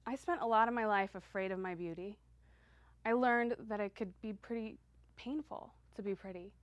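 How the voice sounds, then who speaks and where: A middle-aged woman giving a heartfelt motivational talk, speaking earnestly with slow emphatic affirmations. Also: medium pitch, no room sound.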